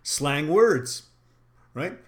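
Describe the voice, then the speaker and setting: A man's voice: on the high side, expressive, drawn-out words. A man teaching retail sales, talking in an instructional, emphatic way and acting out sample phrases. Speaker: sales trainer. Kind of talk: instructional talk.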